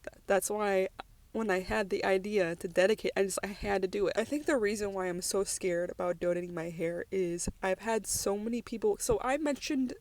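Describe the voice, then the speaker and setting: A woman's voice: mid-range voice, normal speed, a little mellow, no room sound. A young American woman recording a personal voice-over, rambling and emotional, with many restarts and filler words. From United States. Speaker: vlogger.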